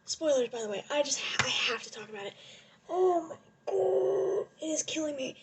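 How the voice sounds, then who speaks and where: A young woman rambling excitedly in a casual vlog rant, gushing and laughing often, recorded on a propped-up phone. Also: high-pitched, moderate pace, heavy background noise. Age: young adult. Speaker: vlogger. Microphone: phone propped on a lotion bottle.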